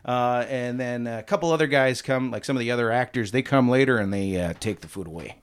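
A man's voice: medium pitch, brisk, clean tone, natural voice. A man improvising a simple-minded husband who sells his homemade beer, telling his story in a rambling, defensive way and laughing as he goes. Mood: blustery. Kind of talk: improvised comedy interview.

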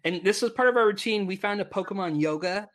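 A man in his thirties with a slightly higher voice, chatting on a gaming podcast. He talks with eager enthusiasm, rambling and restarting his sentences as his ideas tumble out. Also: quick pace, a bit bright. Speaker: podcast co-host. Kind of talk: casual gaming podcast chat.

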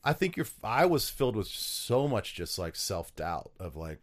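A man's voice: lowish voice, big pitch swings, moderate pace, hardly any pauses. A man from South Dakota, a former pro football player, telling stories in an interview, rambling with lots of fillers and restarts. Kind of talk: storytelling interview answers.

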